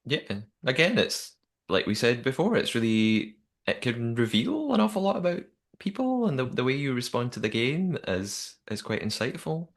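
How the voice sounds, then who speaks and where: A man co-hosting a podcast in casual chat, chatty and animated, with frequent restarts. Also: mid-range voice, moderate pace. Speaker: podcast co-host.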